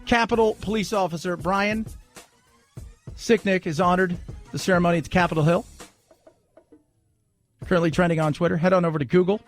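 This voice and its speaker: Male talk radio host, high voice, sarcastic and animated, light music underneath. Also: a little fast, pauses often. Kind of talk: talk radio monologue and ad read.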